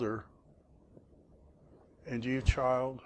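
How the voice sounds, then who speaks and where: A man's voice: mid-range voice, slow. A man teaching a Greek class, asking students questions and patiently explaining grammar. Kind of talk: classroom lesson.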